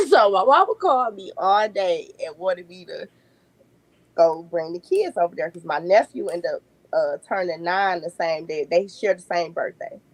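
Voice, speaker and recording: A woman, a podcast guest telling lively family stories and laughing often. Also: lowish voice, moderate pace, no room sound, low-quality recording. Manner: animated storyteller, laughs often. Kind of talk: casual podcast chat.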